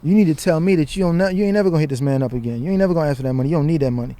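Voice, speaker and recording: A man's voice: a little high, racing, dark tone, no echo, close to an everyday voice. A man voicing God as a fatherly figure, teasing and then lecturing him in a stern way.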